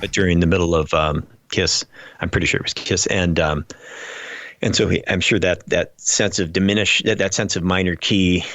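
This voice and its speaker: A man's voice: low-pitched, steady tone, moderate pace, fairly bright tone, dry recording. A man chatting casually on a podcast, rambling through stories with many fillers and restarts. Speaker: podcast guest. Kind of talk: casual chat.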